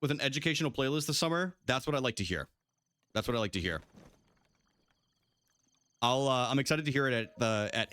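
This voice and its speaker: Lively, joking young male game streamer. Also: mid-range voice, fairly quick, pauses often, no room sound. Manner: animated, jokey, swears, talks to chat. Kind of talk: casual live game commentary.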